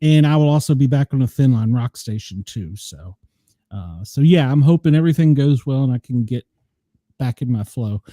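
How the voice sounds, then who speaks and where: A man's voice: medium pitch, expressive, moderate pace, mellow, no echo, clean studio sound. A middle-aged man from the US South, hosting a casual chat show and telling stories, laughing often. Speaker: podcast host.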